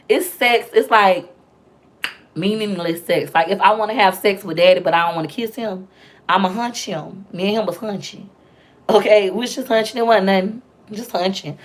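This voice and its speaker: A young woman chatting loudly and talkatively with viewers on a casual live stream, telling stories with playful, animated quoted voices. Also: mid-range voice, moderate pace. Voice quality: loud, talkative. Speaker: livestream host.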